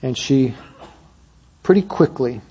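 A man preaching a sermon, telling a story that builds to emphatic peaks and drops to soft, quiet moments. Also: mid-range voice, expressive, slow pace, breathy edge, muffled recording.

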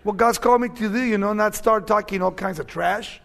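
An older pastor with a Spanish accent preaches a sermon in a conversational style that rises to emphatic questions. His high, creaky voice has a fairly bright tone and runs a little fast.

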